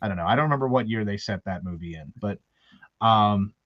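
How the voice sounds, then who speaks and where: A man's voice: on the low side, lively intonation, fairly quick, no echo, muffled recording. A man from Baltimore, with a faint Baltimore accent, hosting a casual chat. He tells rambling, anecdotal stories and laughs often. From Baltimore, USA. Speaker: host.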